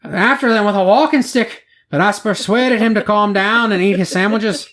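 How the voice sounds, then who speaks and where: A man doing an indignant male local tour guide with a hammy put-on Scottish accent, pitched up above his normal voice and pushed a little louder. The mock accent is broad and playful, half laughing as it goes. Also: normal speed. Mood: amused.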